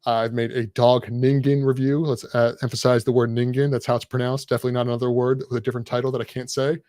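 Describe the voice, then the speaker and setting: A man's voice: medium pitch, little pitch movement, quick pace, mellow, dry recording, clean studio sound. Irreverent rambling male podcast guest. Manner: irreverent, rambling, self-deprecating. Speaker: guest content creator. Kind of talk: casual podcast chat.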